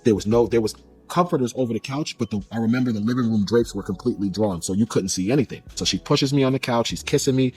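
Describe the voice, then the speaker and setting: A man telling a personal story in a casual, animated way, acting out the dialogue as he goes. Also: mid-range voice, faint music behind. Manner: fast, animated retelling with quoted dialogue.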